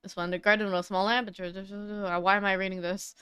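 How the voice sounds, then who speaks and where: A woman's voice: mid-range voice, flat delivery, normal speed, fairly bright tone, smooth, dry recording. Woman streamer, casual read-through of a game with wry asides, very clean tone, dry close sound. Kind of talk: reading game dialogue aloud with asides.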